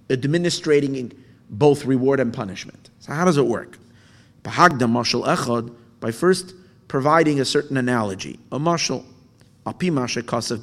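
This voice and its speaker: A man gives a Torah lesson. He reads Hebrew lines aloud and translates each one, often stumbling over repeated words as he thinks. His voice rings with a long reverb, as if he is speaking in a large hall. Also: mid-range voice. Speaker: Torah teacher. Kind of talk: lecture explaining a text.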